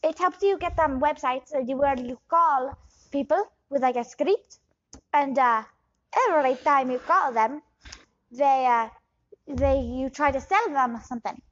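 A woman improvising a shady quack doctor, high-pitched and evasive. She rambles with many pauses and slides between put-on accents. The sound is dull and lo-fi. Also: fairly bright tone. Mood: rambling. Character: shady scam doctor with shifting fake accents. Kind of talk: improv comedy scene.

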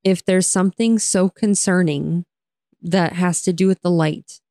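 Young woman co-host, low-ish voice, dry sound, casual, lots of laughs and rants. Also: a little slow, dry recording. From United States. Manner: animated, laughs often, rants. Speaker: podcast co-host. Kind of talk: casual chat.

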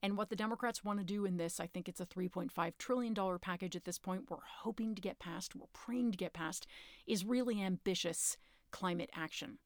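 Woman podcast host, urgent and earnest casual talk, middling pitch, dry close sound. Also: a little fast, dry recording. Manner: earnest, urgent, rises in pitch when emphatic; informal, occasionally curses.

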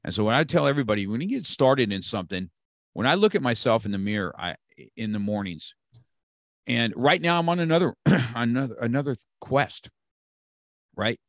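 A man's voice: medium pitch, animated, fairly quick, dry recording, studio quality. A man around sixty from California, a martial arts instructor talking as a guest, emphatic and repeating key phrases to motivate. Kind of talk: motivational conversation.

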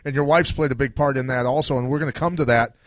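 A man's voice: medium pitch, fairly even intonation, quick pace, dry recording. A male radio co-host speaking earnestly on a live talk show, wrapping up a segment.

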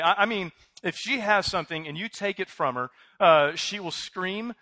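Male pastor, thirties, bright and punchy, slightly high, casual restart-heavy preaching, dry close mic. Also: moderate pace, no echo. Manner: conversational, animated, many fillers and restarts. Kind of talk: sermon.

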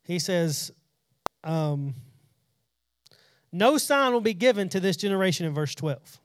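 A man's voice: high voice, lively intonation, measured pace, smooth, dry recording. A man preaching a casual Bible study, talking conversationally, often repeating and restarting words, and paraphrasing scripture in everyday speech.

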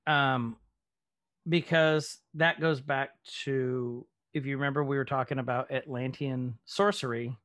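A man's voice: medium pitch, fairly even intonation, a little slow, fairly bright tone, no room sound. A man hosting a casual recap chat, rambling along with plenty of ums. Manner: chatty, rambling with many ums. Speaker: podcast host.

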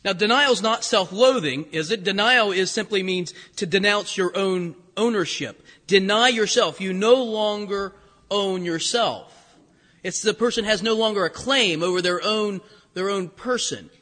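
Man preacher, high bright voice, animated storyteller, long hall echo. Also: measured pace. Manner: animated storytelling with laughs and acted-out quotes. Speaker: pastor. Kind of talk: sermon.

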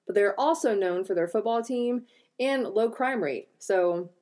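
Female podcast co-host, mid-pitched, profane, joking storyteller. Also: a little slow, warm tone. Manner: profane, joking, frequent throat clearing. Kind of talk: casual chat, telling a true crime story.

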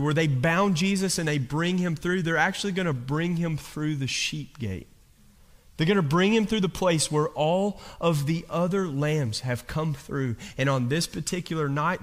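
A man preaching a sermon, telling the story dramatically and swinging between hushed and loud. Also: a little high. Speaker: pastor. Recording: long hall reverb.

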